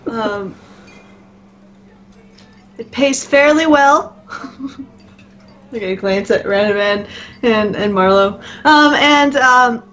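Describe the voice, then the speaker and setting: A woman's voice: on the high side, slow pace, long pauses, a bit bright, lo-fi sound. A woman playing her character in a tabletop game, bold and joking. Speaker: player. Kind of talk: casual in-character play.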